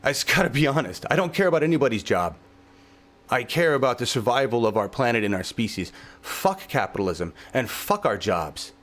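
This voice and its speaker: A man's voice: medium pitch, very animated, fairly quick, fairly bright tone. A male show host delivering a heated political podcast rant, swearing heavily, fervent and exasperated.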